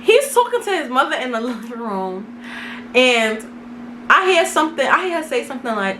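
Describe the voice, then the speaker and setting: Lively high-voiced young woman telling a story. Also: moderate pace, a little hiss or hum. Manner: animated, dramatic retelling with slang. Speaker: vlogger. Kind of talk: casual storytime.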